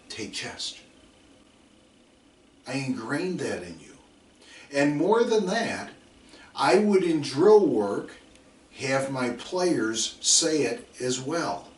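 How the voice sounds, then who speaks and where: Man, middle-aged, football coach, emphatic lecture, distant mic, echoey room. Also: on the high side. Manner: emphatic, repeats drill calls, acts out players. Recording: roomy sound from a distant mic.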